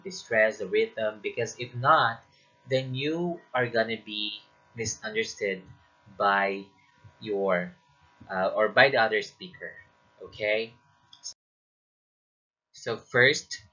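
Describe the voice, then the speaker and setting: A man teaching as a lecturer in a deliberate way, often checking in with the listener. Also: medium pitch, bright, forceful tone, dull audio. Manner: slow and deliberate, checking in with "okay?". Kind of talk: recorded lecture.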